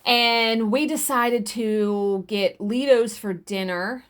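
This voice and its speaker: A woman in her forties telling a story casually while stitching, animated, swearing freely and acting out what others said. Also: a little high, slow pace. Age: 40s. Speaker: cross-stitch vlogger.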